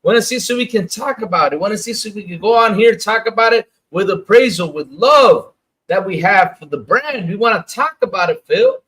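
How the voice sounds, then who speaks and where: A man hosting a casual gaming livestream, talking in an animated, emphatic way and repeating his phrases for effect. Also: high-pitched, brisk, breathy edge. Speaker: gaming show host. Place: lives in the Dominican Republic.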